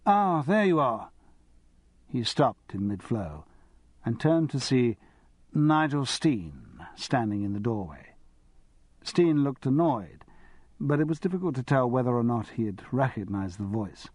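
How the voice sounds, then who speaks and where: A man narrating an audiobook in an expressive storytelling manner. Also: mid-range voice, measured pace, dry recording. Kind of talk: scripted narration.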